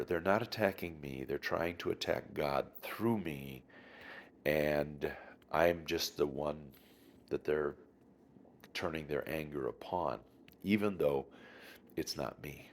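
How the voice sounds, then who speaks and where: A man, a pastor, teaching through a Bible passage in a conversational way, pausing and restarting and putting questions to his listeners. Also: low voice.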